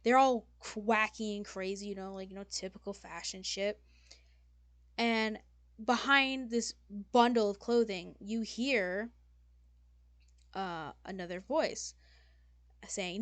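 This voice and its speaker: A woman's voice: mid-range voice, slow pace, long pauses, no room sound. A woman game master narrating a tabletop game in a loose, casual way, full of fillers and swearing.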